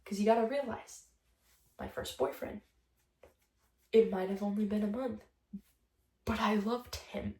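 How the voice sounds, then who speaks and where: A young woman rattles off a breakup story, chatty and blunt, with plenty of swearing. Her voice is gravelly and mellow. It carries a roomy echo, as if she is filming in a bare room. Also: medium pitch, steady tone, normal speed, distant mic. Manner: chatty, blunt, swears freely, laughs often. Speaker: vlogger. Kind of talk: casual storytime vlog.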